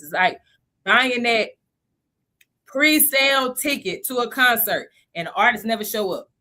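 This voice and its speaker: A woman in her thirties hosting a casual live stream about investing, chatty and animated, laughing often. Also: medium pitch.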